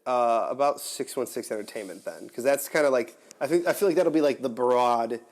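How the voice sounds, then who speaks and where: A man's voice: mid-range voice, brisk. A young man hosting a casual podcast chat, rambling with lots of fillers and restarts. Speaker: podcast host.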